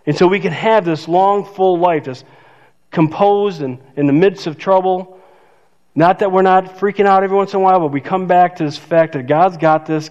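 A man's voice: a little high, darkish tone. An older man preaching a sermon as pastor, conversational and self-joking, laughing at his own remarks. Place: church sanctuary. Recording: dull reverberant church hall.

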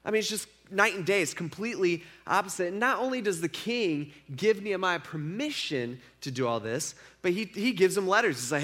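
A man's voice: high-pitched, expressive, a little fast, hardly any pauses, a bit bright. A young man giving a casual sermon, retelling a story in a conversational way with lots of fillers. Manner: conversational, filler-heavy storytelling with acted quotes. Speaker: preacher.

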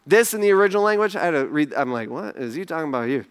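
A man preaching a sermon as pastor, casual and emphatic, with lively asides to the congregation. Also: fairly high pitch, rapid-fire, smooth.

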